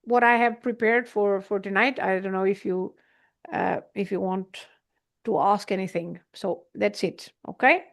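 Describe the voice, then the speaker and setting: A woman's voice: mid-range voice, steady tone, a little slow, vocal fry. A woman teaching a language online, patiently repeating and spelling out words, with frequent hesitant fillers.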